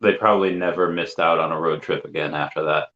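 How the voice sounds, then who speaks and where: A man hosting a podcast, chatting casually in a relaxed, loose way. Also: very deep voice, fast, highs cut off. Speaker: podcast host.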